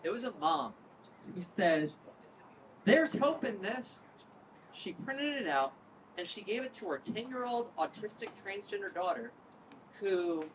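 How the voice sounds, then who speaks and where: A woman in her thirties from Northern Virginia, a politician telling a lively story at an event, acting out quotes and laughing. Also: lowish voice. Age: 30s. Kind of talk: storytelling speech. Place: event room with crowd ambience. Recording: distant mic with noise.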